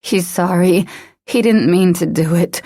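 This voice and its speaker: A woman narrator voicing a dazed, possessed young pregnant woman who speaks slowly in a slurred, sing-song way. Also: lowish voice, dark tone, no echo, clean studio sound, voice pushed up. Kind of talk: audiobook character voice.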